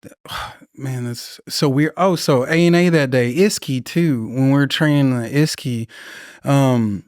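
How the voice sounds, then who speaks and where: A man's voice: medium pitch, measured pace, smooth, no room sound, studio quality. A young man, a veteran guest on a podcast, telling rambling, profanity-laced stories in casual conversation. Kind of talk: casual storytelling interview.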